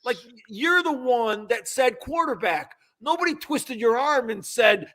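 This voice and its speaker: An older man with a strikingly high, bright voice, co-hosting a sports chat. He rants and mocks with lively energy. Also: a little slow, few pauses. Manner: animated ranting, mocking. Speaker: sports talk co-host. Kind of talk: casual sports banter.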